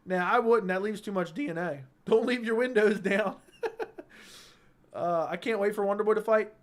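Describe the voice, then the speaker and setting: A young man with a high, light voice hosts a relaxed livestream. He talks into a close studio microphone, reading viewer comments aloud and joking between them. His delivery stays easygoing and conversational. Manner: laid-back, reads chat aloud, joking. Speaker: livestream host. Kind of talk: casual livestream chat. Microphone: studio dynamic mic.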